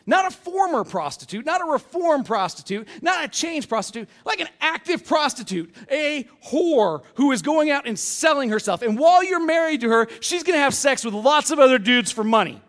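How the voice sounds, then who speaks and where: A man preaching a humorous sermon to his church, telling stories in a casual, joking way with quick voiced asides. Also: very high voice. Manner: conversational, jokey, animated storytelling with quick voiced asides. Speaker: pastor. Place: church sanctuary.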